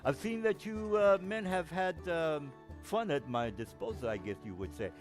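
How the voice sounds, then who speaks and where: A man voicing a suave, regal male vampire lord with a put-on accent, speaking slowly and grandly. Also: fairly high pitch, faint music behind, pitched above the performer's own voice, close to an everyday voice. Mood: courtly. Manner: puts on an accent, slow and mannered.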